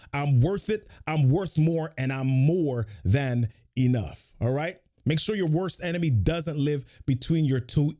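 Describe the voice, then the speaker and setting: A man's voice: a little high, dark tone. A man hosting a morning motivational live stream, greeting viewers by name and leading them through repeated affirmations with energy. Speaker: host of a motivational live show.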